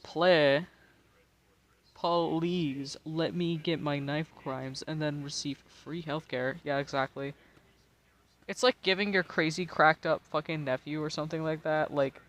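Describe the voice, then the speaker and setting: A man's voice: a little high, steady tone, unhurried, a bit bright. An American man in his twenties, tipsy and rambling in casual, profane chat while streaming a game, laughing often. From United States. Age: 20s.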